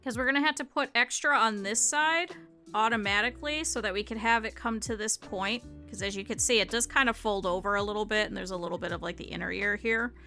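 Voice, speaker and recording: With faint music in the background, a young woman talks fast in a mid-range voice with a sharp edge. She's streaming while drawing a sewing pattern, musing aloud and chatting informally with the viewers in her chat.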